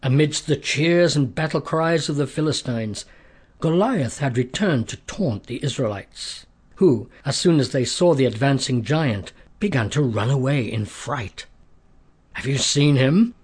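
A man reads a scripted story aloud in a steady, measured manner. His voice is husky and sits at a middling pitch. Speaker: narrator.

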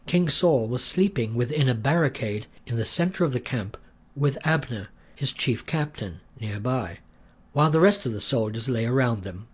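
A man narrating a story in a measured, earnest way. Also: mid-range voice, animated, husky.

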